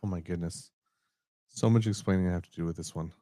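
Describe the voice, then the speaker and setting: A man co-hosting a podcast, chatting casually in a relaxed, rambling way and often correcting himself. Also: deep voice, quick pace, no room sound, clean studio sound. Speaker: podcast co-host. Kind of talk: casual chat.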